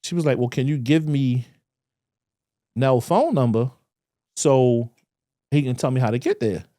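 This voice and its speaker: A man co-hosting a podcast, telling a story in casual chat and jumping high in pitch when he gets excited. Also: unhurried, no room sound, clean studio sound. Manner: animated, breaks into high excited pitch while telling stories. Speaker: podcast co-host.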